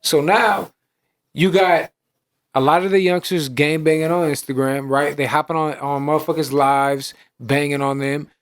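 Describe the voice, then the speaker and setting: A man with a fairly high-pitched voice talks loosely on a podcast. He tells stories with lots of restarts and swearing, and acts out what people said. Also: fairly even intonation, normal speed. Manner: streetwise storytelling, acts out dialogue, frequent restarts and swearing. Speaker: podcast co-host. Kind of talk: casual chat.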